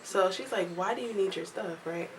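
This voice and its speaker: A young woman telling a casual storytime vlog at home, lively and chatty, acting out what others said. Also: medium pitch, normal speed, background noise. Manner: chatty, animated quoting of others, laughs often. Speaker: vlogger.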